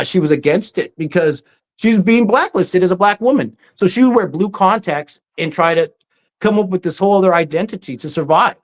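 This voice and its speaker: A presenter giving a casual, story-driven talk over slides, often pausing with "um" and acting out quoted speech. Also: medium pitch. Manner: frequent ums and restarts.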